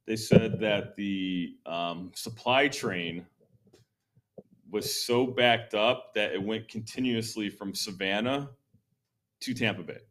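A man hosting a history podcast, explaining events in a relaxed, conversational way with many ums and likes. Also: on the low side, slow. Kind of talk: casual history talk.

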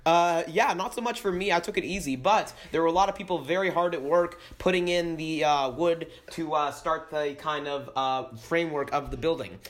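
A man's voice: fairly high pitch, moderate pace, few pauses. A man chatting casually as a regular guest, rambling and hesitant. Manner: hesitant, rambling, lots of fillers. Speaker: regular guest on a camp feature. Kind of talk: casual chat.

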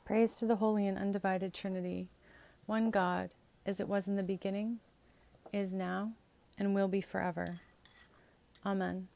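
A woman reading scripture and canticles aloud in a measured, steady liturgical style. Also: mid-range voice, gravelly. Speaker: scripture reader.

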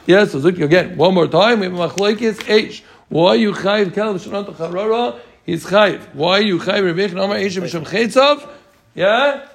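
Man, high-pitched, leading a Talmud class; quick rhetorical questions, joking with students. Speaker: Talmud teacher.

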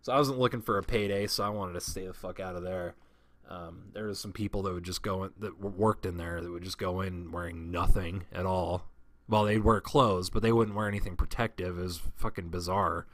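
A man's voice: sits low, steady tone, fairly quick, a bit bright, no echo. A man telling a long personal story in a casual, profane, rambling way, often restarting his sentences.

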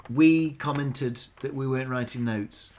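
A man's voice: medium pitch, a little mellow, a little hiss or hum. Chatty man recapping a show. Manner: chatty, halting, recounts scenes with quoted lines. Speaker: podcast co-host. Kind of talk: casual chat.

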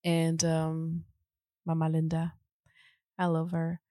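A woman from Germany co-hosting a podcast, telling a story in an animated way and laughing often. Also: deep voice, slow pace, no room sound, studio quality. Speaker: podcast co-host. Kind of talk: casual storytelling chat.

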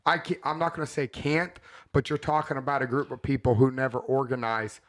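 A man's voice: mid-range voice, flat delivery, brisk. A man co-hosting a casual podcast chat, talking bluntly and thinking aloud with frequent restarts. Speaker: podcast co-host.

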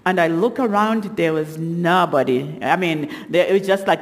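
A middle-aged woman giving a sermon testimony as guest speaker, telling stories with halting restarts and lively acted quotes. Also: on the low side. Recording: long hall reverb.

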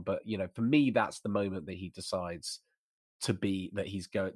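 A man's voice: sits low, fairly bright tone, husky, no echo, clean studio sound. A man co-hosting a casual discussion, talking eagerly in bursts with frequent restarts. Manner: enthusiastic, talks in bursts with restarts. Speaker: podcast co-host.

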